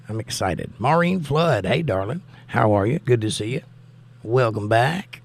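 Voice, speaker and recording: A man's voice: medium pitch, unhurried, creaky. Upbeat older man hosting a live chat. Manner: upbeat, animated greetings to viewers. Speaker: host. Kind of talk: live-stream chat reading viewer comments.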